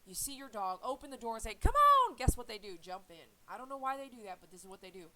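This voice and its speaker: A woman's voice: mid-range voice, quick pace, noisy background. A woman who grooms dogs, talking casually and earnestly to her viewers about faith, rambling and repeating herself. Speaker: dog groomer and channel host.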